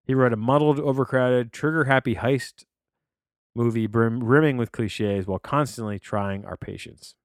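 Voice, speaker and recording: Speaking at a normal speed with a medium-pitched voice, a man hosts a film-review podcast that meanders casually, full of fillers and restarts. The audio is studio quality with no room sound.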